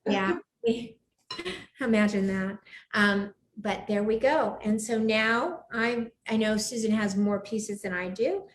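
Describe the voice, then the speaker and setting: A woman's voice: a little high, unhurried, few pauses, slight background noise. A woman hosting a live cooking show from her home kitchen, chatting with enthusiasm and gushing over the food. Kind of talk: live cooking demo chat. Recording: echoey room.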